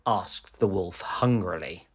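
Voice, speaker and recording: A man reading a children's picture book aloud as a storyteller, with an expressive, slow storytelling manner. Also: deep voice, dull audio.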